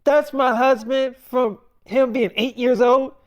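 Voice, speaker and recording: A brash young wife who swears and demands answers, as a man puts her on. The voice sits well above his usual talk and gets louder as she presses. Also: sits high, steady tone, slow pace, muffled recording, pitched above the performer's own voice. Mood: outraged. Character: brash, profane young wife, quick to anger.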